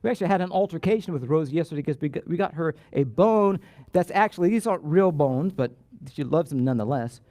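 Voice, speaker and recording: A pastor preaching a sermon in church, animated and emphatic, often repeating words and drawing out key phrases. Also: male voice, on the high side, fast talker, no echo. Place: church sanctuary.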